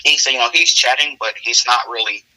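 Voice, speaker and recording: Bright-voiced man rambling through a story. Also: medium pitch, fairly quick, poor audio. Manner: relaxed, rambling narration with many fillers. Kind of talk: casual improvised role-play storytelling.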